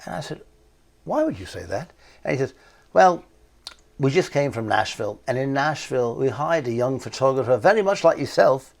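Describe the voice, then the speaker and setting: A male photographer telling stories in an interview, animated, acting out what others said. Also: medium pitch, fairly quick, creaky. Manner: animated anecdotal storytelling, acts out quoted voices. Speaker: photographer guest. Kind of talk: storytelling interview.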